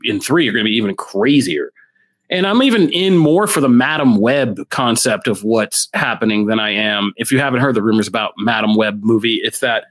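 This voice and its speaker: A man co-hosting a podcast, giving blunt, opinionated takes in casual comics chat. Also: medium pitch. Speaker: podcast co-host.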